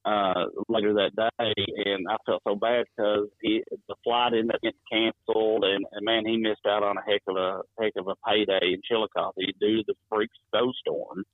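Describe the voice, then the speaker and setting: A man's voice: fairly low pitch, little pitch movement, moderate pace, few pauses, no echo. Rambling man on a phone line. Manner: rambling, chuckling storyteller. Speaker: wrestling promoter. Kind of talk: phone-in interview storytelling. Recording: tinny dry phone line.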